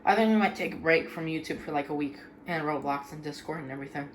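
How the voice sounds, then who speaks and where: A woman talking in a casual home vlog, halting and often restarting her sentences. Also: low-pitched, a little hiss or hum. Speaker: vlogger.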